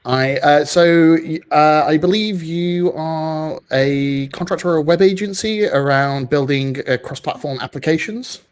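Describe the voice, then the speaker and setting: A man's voice: a little high, a little slow, few pauses, clear, resonant tone. Playful man hosting an online meetup. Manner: playful, self-mocking. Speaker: meetup host. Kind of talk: casual event hosting. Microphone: video call.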